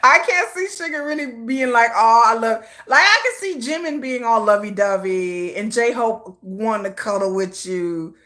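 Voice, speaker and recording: A woman hosting a casual livestream, chatting in a playful, gossipy way. Her high voice swings all over the place, and she breaks into laughter often. The tone is bright and sharp. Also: expressive, moderate pace, hardly any pauses. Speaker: livestream host. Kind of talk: casual storytelling chat.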